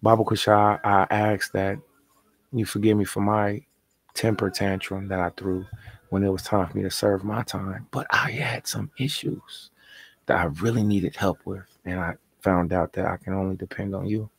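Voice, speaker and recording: A man's voice: lowish voice, steady tone, normal speed, vocal fry, husky, no room sound. A man leading a spoken prayer, chanting repeated invocations and confessing his faults. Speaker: prayer leader.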